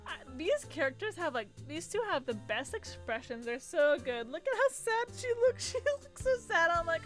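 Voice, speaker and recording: Giggly young woman streaming a game, high voice, chatty and gushy, faint music behind. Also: big pitch swings, normal speed, few pauses, a bit bright. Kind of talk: casual game playthrough commentary.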